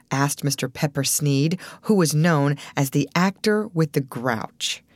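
A woman narrating an old adventure novel in an expressive, varied reading voice. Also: low voice, measured pace, few pauses, dry recording. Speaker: audiobook narrator. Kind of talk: storybook narration.

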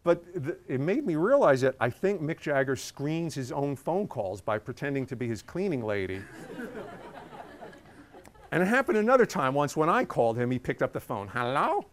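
A man's voice: a little high, very animated, moderate pace. A man, a journalist, telling a casual anecdote in a chatty way, with many ums and uhs.

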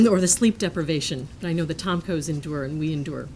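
A woman reading a prepared lecture aloud in a measured, earnest manner, sometimes breaking off into self-amused asides. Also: low-pitched, lively intonation, mellow, slight background noise.

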